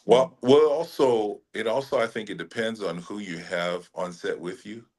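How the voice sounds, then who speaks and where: A middle-aged man from Hawaii, an actor being interviewed, talking in a relaxed way with frequent laughs and restarts. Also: on the low side, normal speed. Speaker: actor guest. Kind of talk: casual interview chat.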